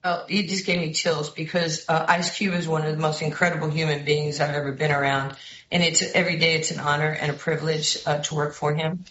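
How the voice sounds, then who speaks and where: A low, deep-voiced woman with a New York accent tells stories as a guest on a talk show. She jumps into the voices of the people she quotes. The sound is roomy and a little dull. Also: brisk, a little hiss or hum. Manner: lively storyteller who acts out quoted voices. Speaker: basketball head coach, guest. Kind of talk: animated storytelling interview.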